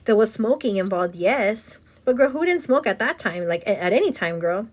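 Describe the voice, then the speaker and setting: A woman's voice: medium pitch, animated, moderate pace. A woman vlogger telling a long story in casual get-ready-with-me chat. She rambles, keeps calling the listener "girl" and slips in the odd Spanish phrase. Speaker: vlogger and host.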